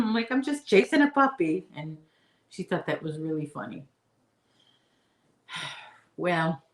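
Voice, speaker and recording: Chatty woman vlogger in an echoey room. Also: fairly bright tone. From Chicago area. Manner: chatty and rambling, talks to her puppy in a high baby voice. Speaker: crochet vlogger. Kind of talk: casual chat to live viewers.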